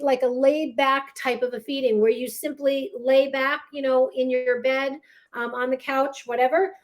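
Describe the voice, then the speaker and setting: A woman with a high voice leads a baby care lesson. She explains each point plainly, step by step, often checking in with a quick tag question. She shows each hold as she talks it through. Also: a little mellow. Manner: demonstrates holds while talking. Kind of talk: teaching a class.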